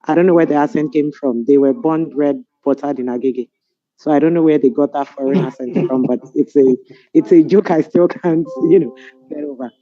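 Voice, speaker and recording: A middle-aged Nigerian woman on a webinar panel, telling stories in an animated, amused way over a video call. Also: low-pitched, a little fast, soft background music. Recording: dull lo-fi video call audio.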